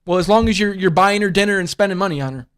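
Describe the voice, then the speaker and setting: A man with a notably high voice hosts a loose livestream podcast. He rambles, swears freely and keeps calling his listeners bud and bro. He speaks bluntly and comes back to the same points again and again. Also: very fast, fairly bright tone, clear, resonant tone. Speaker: podcast host. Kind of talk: casual livestream podcast chat.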